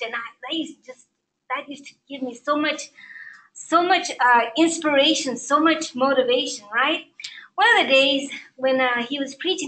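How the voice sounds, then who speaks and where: Woman pastor, high pitched and bright, preaching with passion. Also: low-quality recording. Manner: passionate, building to emphatic preaching; soft and reflective at the start. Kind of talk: sermon.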